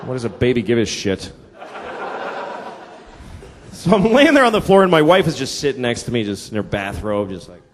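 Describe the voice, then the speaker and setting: A man in his forties does stand-up on a large theater stage, his mid-range voice very animated at a normal pace, with frequent pauses. He tells crude, exasperated stories and slips into put-on voices while the crowd laughs. The live hall recording carries background noise, audience laughter and reverb.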